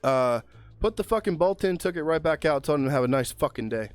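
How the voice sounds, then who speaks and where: A man's voice: fairly high pitch, a little fast, dry recording, faint music behind. A young man, a car mechanic co-hosting a podcast, telling a long shop story in casual, profane chat. He keeps tagging lines with "man" and "right?". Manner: animated storyteller, heavy swearing, filler "man" and "right?".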